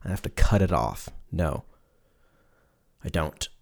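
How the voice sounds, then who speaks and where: Rambling young man with a lowish voice. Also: expressive, takes it slowly, creaky. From Southern California. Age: 20s. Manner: rambling, joking, swears freely. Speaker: podcast host. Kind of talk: casual solo podcast chat.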